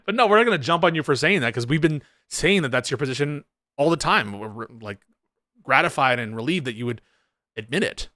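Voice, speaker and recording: A man's voice: mid-range voice, lively intonation, a little fast, pushed and bright, no echo, clean studio sound. A man giving sarcastic, argumentative commentary on political clips, laughing at them as he goes. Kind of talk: casual reaction commentary.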